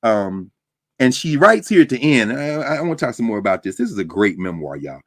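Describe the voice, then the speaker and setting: A man lecturing to a university class, talking in a lively, conversational way with frequent asides to his students. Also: medium pitch, fairly quick, no echo. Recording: dry close sound.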